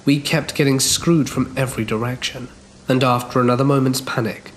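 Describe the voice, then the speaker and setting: Man narrating a horror story calmly. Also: medium pitch, slight background noise. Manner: measured first-person storytelling. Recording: faint background music.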